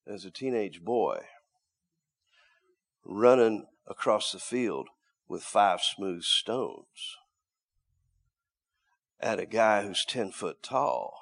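This middle-aged man delivers a sermon that veers from forceful, loud statements to soft, murmured asides. He often restarts by repeating words, and his voice carries vocal fry.

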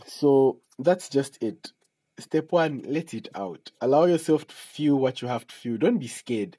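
A man's voice: a little slow, low-quality recording. Chatty joking man. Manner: chatty and joking, laughs at his own asides; animated outbursts with sudden high pitch jumps. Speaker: podcast host. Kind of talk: casual solo podcast advice.

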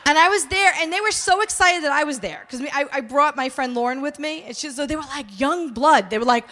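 High-voiced New woman telling her story. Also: quick pace. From New York. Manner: animated, acts out quoted voices, frequent "all right?" asides. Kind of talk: personal testimony, storytelling.

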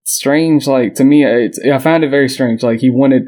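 A man's voice: medium pitch, moderate pace. A man co-hosting a podcast, casually retelling history with fillers and small laughs. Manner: relaxed storytelling with frequent fillers and laughs. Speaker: podcast co-host.

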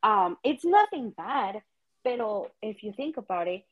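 A woman's voice: mid-range voice, big pitch swings, a little slow, narrow, tinny audio. A woman and mother chatting casually, mixing English and Spanish in an encouraging, reflective way. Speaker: podcast co-host, stay-at-home mom. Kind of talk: casual chat.

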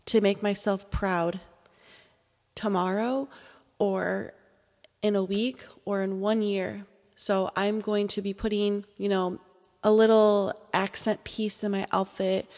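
Chatty, heartfelt woman podcaster in a reverberant room. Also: mid-range voice. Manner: chatty, heartfelt, gets excited and emotional. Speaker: podcast host. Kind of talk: casual solo podcast talk. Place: at home, indoors.

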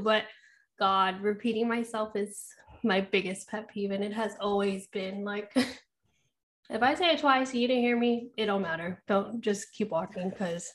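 A woman's voice: medium pitch, measured pace, a bit bright. A woman talking casually on a podcast about parenting, chatty, with frequent laughs and asides. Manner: chatty, laughs often, lots of "you know". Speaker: podcast co-host. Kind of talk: casual chat.

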